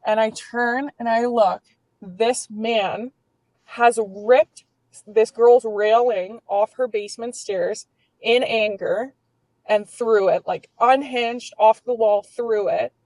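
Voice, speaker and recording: A woman's voice: a little high, steady tone, slow pace, darkish tone, no echo, low-quality recording. A woman in her twenties telling a personal story as a podcast guest, candid and swearing freely, with lots of filler words.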